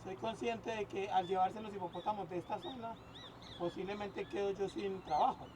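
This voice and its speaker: A man with a high voice talks slowly and hesitantly, with pauses and fillers. He is well away from the mic, and faint outdoor noise sits around him. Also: fairly even intonation, a little mellow, far from the mic. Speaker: local boat tour guide. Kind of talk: casual conversation. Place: outdoors on a river.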